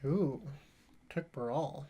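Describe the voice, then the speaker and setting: Higher-voiced man casually narrating his game. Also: very slow, warm tone. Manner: rambling, self-mocking asides. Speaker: gameplay streamer.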